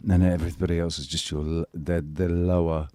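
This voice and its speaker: A man's voice: sits low, flat delivery, fairly quick, warm tone, dry recording, clean studio sound. A man hosting a casual live panel chat, rambling, crude and joking. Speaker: live show host.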